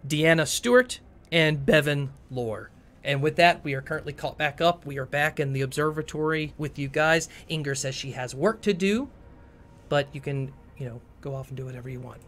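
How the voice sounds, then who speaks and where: A man's voice: fairly high pitch, a bit bright. A man acting as game master, tallying rolls aloud and narrating events in a tabletop game. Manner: tallies dice rolls aloud.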